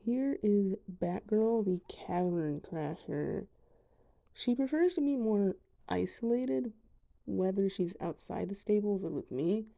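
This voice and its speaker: Dark-toned young woman narrating gameplay. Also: medium pitch, lively intonation, slow, vocal fry, lo-fi sound. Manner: chatty, self-deprecating asides. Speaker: gamer showing her dragons. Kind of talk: casual voice-over narration.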